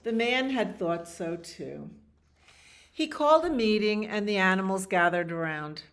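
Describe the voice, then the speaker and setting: A woman librarian reading a picture book aloud to children, expressive, with animal sounds and little asides. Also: mid-range voice, measured pace.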